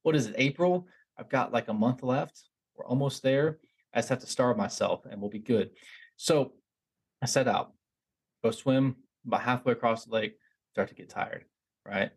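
A young man with a slightly husky, mid-pitched voice tells a story on his podcast. He rambles and restarts a lot, gets animated, and pokes fun at himself. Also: normal speed, long pauses. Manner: animated, rambling, self-mocking, with frequent restarts. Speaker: podcast host. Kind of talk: casual storytelling monologue.

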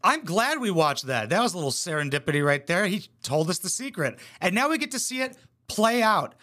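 A man's voice: high-pitched, sing-song, fairly quick, bright, forceful tone. A young man giving a crude, sarcastic comedic reaction commentary on a reality show clip, swearing a lot.

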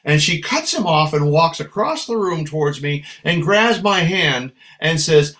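Male guest musician, lively raconteur, slightly raised pitch. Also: a little slow, hardly any pauses. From San Francisco. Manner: lively storyteller, acts out voices. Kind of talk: casual interview anecdotes.

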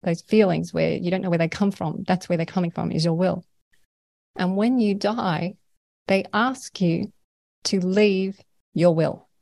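A woman's voice: on the low side, fairly even intonation, measured pace, vocal fry, a little mellow, no echo. An Australian woman, a guest in an interview, talking earnestly and at length about her experiences, often laughing between thoughts. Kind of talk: conversational interview.

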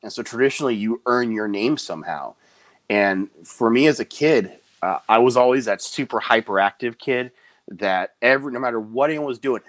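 A man in casual interview chat, an animated storyteller who slips into quick high voices when he quotes people. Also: no echo. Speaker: guest, clown performer.

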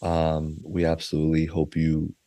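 A man hosting a podcast in loose, slangy casual chat, excitable and quick to laugh. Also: extremely low pitch, dry recording. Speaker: podcast host. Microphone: desk mic.

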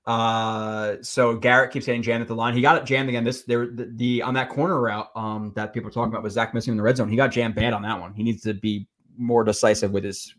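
A man's voice: mid-range voice, flat delivery, fairly bright tone. A man co-hosting a sports podcast in casual chat, rambling and blunt, with the odd curse. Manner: rambling, quick, blunt and profane. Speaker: podcast co-host. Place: livestreamed podcast reading chat.

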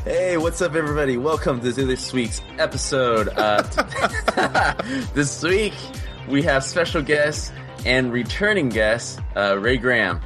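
A man's voice: medium pitch, lively intonation, unhurried, over music. A man co-hosting a podcast in casual chat, laughing often and asking rambling questions. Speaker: podcast co-host.

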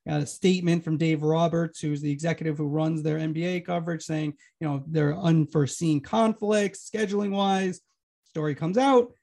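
A man co-hosting a sports media podcast in casual chat, quick and teasing as he argues his points. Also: on the high side, fairly even intonation, creaky, dark tone.

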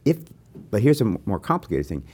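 Host: older man with a very low voice, animated and anecdotal, pokes fun at himself. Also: fast, husky. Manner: animated, anecdotal, self-deprecating. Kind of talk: conversational interview.

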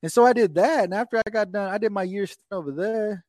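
Veteran guest, man, 40s: quick rambling storyteller, slightly high voice. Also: a little mellow, no room sound, clean studio sound. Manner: rambling, repeats himself, says "dude". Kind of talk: casual storytelling.

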